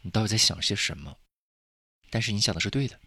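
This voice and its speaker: A man's voice: fairly low pitch, expressive, fast, pushed and bright, slightly rough, no echo. A man hosting an English lesson podcast, chatty and casual, explaining vocabulary with lots of repetition. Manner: chatty, repeats himself, laughs at jokes. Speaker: English teacher, podcast host.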